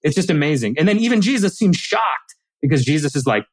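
A man's voice: on the high side, big pitch swings, fast talker, dry recording, poor audio. A man as an author guest in a casual conversation, telling stories animatedly and acting out quoted lines.

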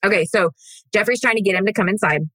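A woman's voice: mid-range voice, quick pace, a bit bright, dry recording, rough recording. A woman hosting a podcast, telling a true-crime story in a casual, blunt and profane way. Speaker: podcast host.

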